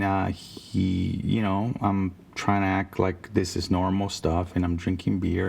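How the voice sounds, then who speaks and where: A man with a low, gravelly, slightly mellow voice casually tells a rambling, profane story about his time as a car salesman, restarting himself often.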